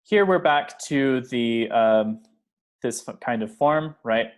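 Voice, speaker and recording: A male teacher leads a pronunciation lesson and says each example phrase slowly and carefully. He often stops to check in with the listener, and his voice sits at an ordinary middle pitch. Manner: checks in with "okay?" and "right?".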